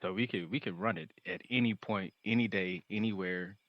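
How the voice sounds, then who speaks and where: A man's voice: low voice, brisk, no echo, highs cut off, natural voice. A man voicing a boastful teen boy demigod chess champion with a brash, teasing way of talking.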